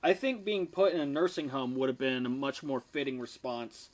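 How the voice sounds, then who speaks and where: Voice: mid-range voice, normal speed, few pauses. A commentary host reacting with sarcastic, mock-angry remarks full of swearing.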